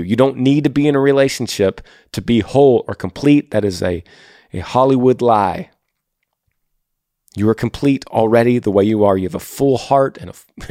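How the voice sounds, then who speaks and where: A man's voice: mid-range voice, a little mellow, no room sound. Earnest man giving advice, dry sound. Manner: earnest, fatherly, repeats himself. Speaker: podcast host. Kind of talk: casual podcast advice and ad reads.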